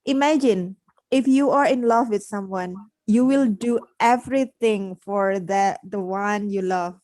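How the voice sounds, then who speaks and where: A woman's voice: mid-range voice, a little slow, mellow, no room sound. A woman hosting a casual podcast on learning English. She explains things simply and repeats her key points. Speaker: podcast host and English teacher.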